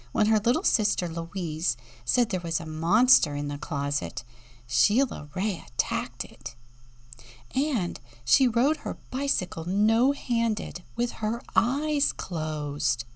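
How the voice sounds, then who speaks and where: Woman deacon reading a kids book, slow, low, a bit of vocal fry, drops to whispers. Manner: slow, expressive storytelling with whispered asides. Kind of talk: reading a picture book aloud, then reflection.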